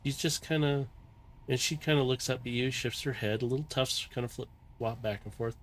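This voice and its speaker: A man narrates a tabletop game as its game master in a calm, descriptive, rambling way. His voice sits at a middle pitch. A faint hiss runs underneath. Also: brisk.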